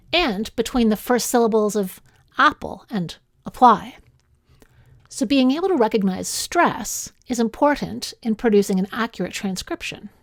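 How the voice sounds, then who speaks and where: A woman with a Canadian accent delivers a scripted linguistics lesson, her voice sitting at an ordinary middle pitch. She speaks clearly and at a measured pace, stretching out sample words as she demonstrates them. The recording is dry and close, with no room sound. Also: a little mellow, dry recording. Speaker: linguistics instructor. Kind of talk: scripted lecture narration.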